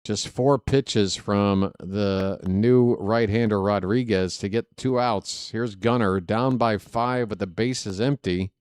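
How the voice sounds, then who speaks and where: Slow-talking man calling a ballgame. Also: fairly low pitch, a little mellow, smooth, no echo, studio quality. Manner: chatty, joking asides to chat viewers. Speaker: fan play-by-play announcer. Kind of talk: live play-by-play commentary.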